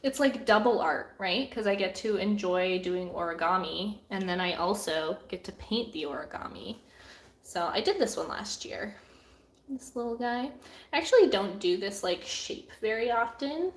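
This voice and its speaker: A woman's voice: medium pitch, animated, normal speed, roomy sound. A woman, a painter chatting casually with her viewers on a live stream, laughing often and filling her talk with "like.". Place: home studio room.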